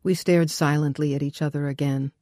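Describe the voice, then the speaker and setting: A woman with a notably low, dark voice narrates a first-person audiobook in a wry, brisk manner. Her tone stays steady, and the close recording is dry with no room sound.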